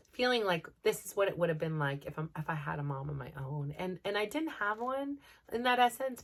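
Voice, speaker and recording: A middle-aged woman hosting a personal podcast, talking in an earnest, rambling way with lots of fillers, emotional as she opens up. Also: medium pitch. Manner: earnest, rambling, full of "like" and "you know". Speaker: podcast host.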